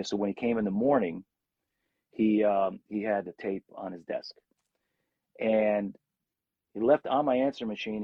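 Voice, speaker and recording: A gravelly, husky middle-aged man with a lowish voice tells stories from his singing career in an animated way, acting out quotes. The sound is dry and a bit dull. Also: no room sound. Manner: animated storyteller, acts out quotes. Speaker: rock singer, guest. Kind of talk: casual storytelling interview.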